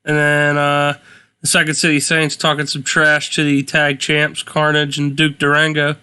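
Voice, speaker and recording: A man's voice: fairly high pitch, monotone, normal speed, pushed and bright, clean tone. A man co-hosting a casual game commentary, laid-back and blunt as he reads out match results. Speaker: let's play co-host.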